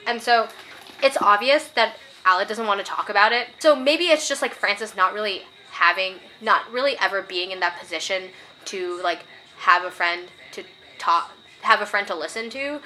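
Bright-voiced young woman reviewing books. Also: medium pitch, normal speed, slight background noise. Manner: passionate and opinionated, gets worked up; reads quoted passages aloud. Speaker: book reviewer. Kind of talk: casual book review vlog.

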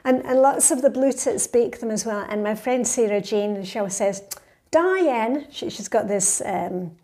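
A woman's voice: mid-range voice, steady tone, normal speed, warm tone. A woman in her fifties, a lifestyle vlogger chatting enthusiastically as she reads out and answers viewer comments. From Scotland. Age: 50s.

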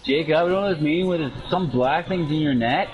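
A man's voice: a little high, brisk. A man giving playful commentary while playing a video game, teasing and joking with his brother. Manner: teasing, jokey banter aimed at his brother. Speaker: gaming commentator. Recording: dull lo-fi sound with music behind.

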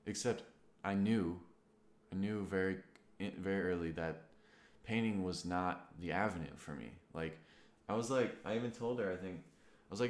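With a low-pitched voice at a moderate pace, this man in his twenties pauses often as he vlogs a personal story. Earnest and reflective, he wanders through it with fillers and casual cursing over a roomy echo.

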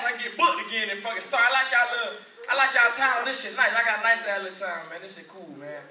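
A fast-talking man with a high, bright, sharp voice works a small crowd in a profane stand-up set and laughs through his own punchlines. He sounds a little tipsy. His voice is picked up from some distance in a roomy venue, with faint background ambience. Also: a little hiss or hum. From Orlando, Florida. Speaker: stand-up comedian. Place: small live comedy venue.

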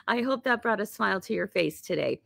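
Chatty lady teaching sewing, bit hoarse and gravelly, voice swoops up and down a lot. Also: medium pitch, animated, moderate pace, fairly bright tone, no echo, clean studio sound. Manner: bubbly, chatty, laughs often. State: slightly hoarse. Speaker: quilt shop host. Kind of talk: live sewing tutorial chat.

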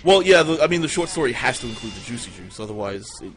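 On his livestream, a man with a medium-pitched, expressive voice talks fast as he tells crude tall tales for laughs. He rambles, curses constantly, and suddenly shifts into loud quoted voices.

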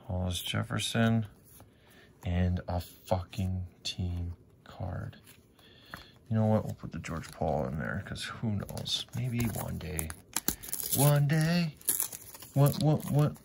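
Gravelly, slow-talking man opening sticker packs. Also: sits low, a little hiss or hum. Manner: swears often, grumbles at bad pulls, talks to viewers. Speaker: sticker pack opener. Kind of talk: casual pack-opening vlog commentary. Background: wrappers crinkling, faint clicks.

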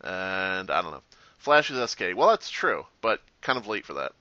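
A man commenting on his own game as he plays, sarcastic and quick to swear, with loud reactions. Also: sits low, very animated, no room sound. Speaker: gaming channel host. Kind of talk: gameplay commentary. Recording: dry, slightly muffled home recording.

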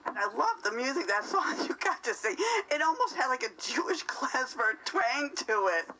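A woman's voice: high-pitched, big pitch swings, moderate pace, sharp tone, slight background noise, rough recording. A woman interviewer, chatty and enthusiastic, asking questions in a casual interview. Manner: chatty and enthusiastic, laughs often.

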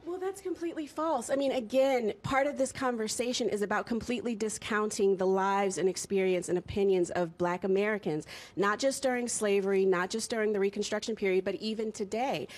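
A woman's voice: medium pitch, fairly even intonation, brisk. A woman speaking as a panel guest on a TV discussion, making impassioned, articulate arguments point by point. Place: TV studio.

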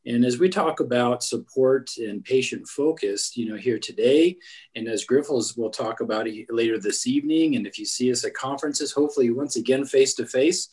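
A man's voice: medium pitch, a little fast, darkish tone. A man speaking casually as a company representative in a short sponsor message over a video call. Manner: casual, informal fillers.

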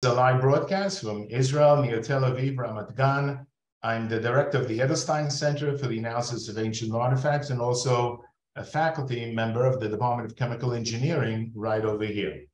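A man's voice: mid-range voice, steady tone, a little fast, echoey room. An older man giving a webinar lecture over a video call, chatty and digressive with many fillers.

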